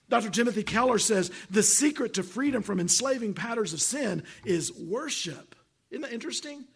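High, gravelly preacher man, emphatic. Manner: emphatic, repetitive preaching, reads Bible verses aloud. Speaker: pastor. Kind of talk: sermon.

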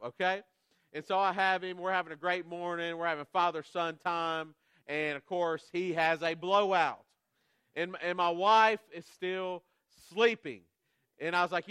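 A man in his thirties preaching a sermon, self-deprecating and conversational, with animated storytelling that builds to loud peaks. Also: a little high, normal speed, clear, resonant tone, dry recording. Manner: animated storytelling, rising to near shouts at climaxes. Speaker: guest preacher.

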